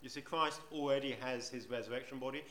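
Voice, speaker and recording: A man's voice: mid-range voice, steady tone, quick pace, a bit bright, slight background noise. A man preaching a sermon in church, conversational, often asking the congregation rhetorical questions. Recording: roomy church echo.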